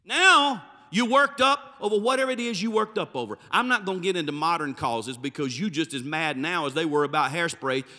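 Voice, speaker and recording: A preacher delivering a sermon with a high, piercingly bright voice. He swings from loud, forceful bursts down to low, hushed phrases. The sound rings with a long reverb. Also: expressive, a little fast, few pauses. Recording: reverberant hall.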